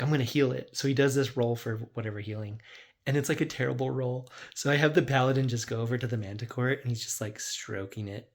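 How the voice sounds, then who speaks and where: A man who runs a tabletop game as dungeon master, casually recapping his sessions in a rambling way, full of "like.". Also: medium pitch. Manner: rambling, lots of "like", acts out quotes.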